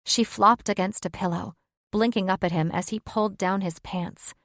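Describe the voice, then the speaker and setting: A woman's voice: mid-range voice, steady tone, moderate pace, a bit bright, dry recording, clean studio sound. Woman narrating a romance audiobook. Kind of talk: scripted narration.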